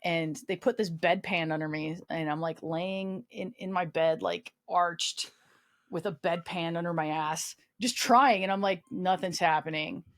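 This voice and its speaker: A woman's voice: fairly low pitch, fairly even intonation, a little slow. Candid, profane woman telling her story. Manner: profane, self-mocking humor with frequent fillers. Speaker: podcast guest, army veteran.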